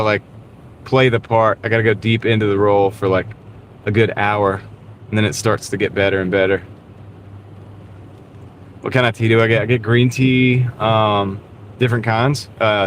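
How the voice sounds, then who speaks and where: A man livestreaming while driving for food deliveries, chatting in a rambling way and answering viewer comments. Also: fairly low pitch. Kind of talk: casual live-stream chat while driving. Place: inside a car driving in the rain. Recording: steady road and car noise behind. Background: car and road noise.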